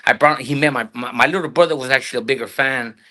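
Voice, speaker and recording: Bright-voiced South LA man telling stories. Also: mid-range voice, fast. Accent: South Los Angeles. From South Los Angeles. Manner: slangy, profane, animated storyteller who acts out quotes. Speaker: guest actor. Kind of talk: casual storytelling interview.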